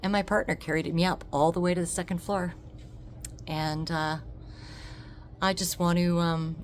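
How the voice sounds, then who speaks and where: A woman telling a personal story on her vlog, emotional and expressive, laughing often. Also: sits low, slight background noise. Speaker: vlogger.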